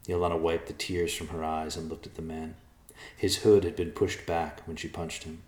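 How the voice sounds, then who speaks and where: A man reads a fantasy story aloud in a steady, measured way. His voice sits very low and deep. The sound rings in an echoey room. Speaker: narrator. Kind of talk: storybook narration.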